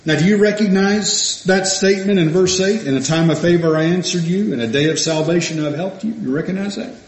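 A man preaching a sermon, reading scripture aloud and asking his listeners questions, rising to emphatic peaks and dropping to soft asides. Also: high voice, a little fast. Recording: echoey room.

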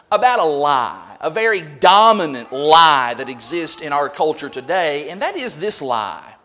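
A man preaching a sermon who reads scripture aloud and repeats key points with emphasis. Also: high voice. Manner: emphatic, repeats scripture references, swings from quiet to loud.

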